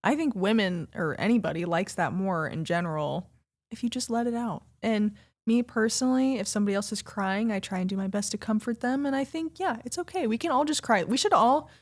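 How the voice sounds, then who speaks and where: A woman co-hosting a casual couples podcast, animated and quick to laugh, jumping up in pitch when she makes a point. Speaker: podcast co-host.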